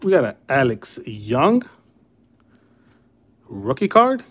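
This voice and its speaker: A man's voice: medium pitch, big pitch swings, slow pace. A man hosting a casual livestream card break, laid-back and friendly with viewers, calling them brother and man. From Chicago area.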